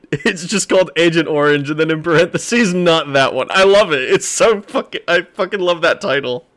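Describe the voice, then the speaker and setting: A man's voice: mid-range voice, fairly bright tone. A man streaming a game live, rambling with stammered restarts, frequent laughs and casual swearing.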